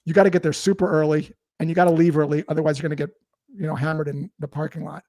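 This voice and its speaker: As an interview guest, a man with a fairly high voice explains sales ideas casually through stories and acted-out dialogue, speaking at a racing pace. The sound is dry with almost no room echo.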